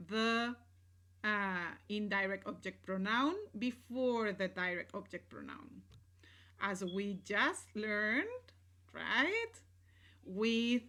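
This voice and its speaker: A woman's voice: mid-range voice, a bit bright. A woman teaching a recorded grammar lesson, explaining step by step and often checking in with "right?" and "¿sí?", moving between English and Spanish examples.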